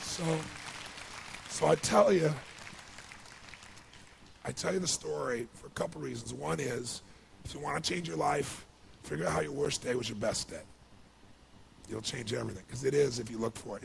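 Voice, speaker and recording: A man tells a heartfelt story at a live seminar, his voice deeply gravelly and full of fry. He swings from hushed emotion to excited bursts. A faint hiss of noise sits behind him. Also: normal speed, long pauses. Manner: emotional, building to excited outbursts. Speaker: motivational speaker. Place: large seminar hall with audience.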